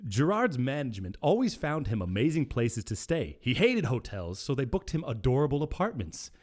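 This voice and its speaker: A man co-hosting a podcast, reading a piece of fan fiction aloud in an expressive storytelling way. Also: medium pitch, moderate pace. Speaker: podcast co-host.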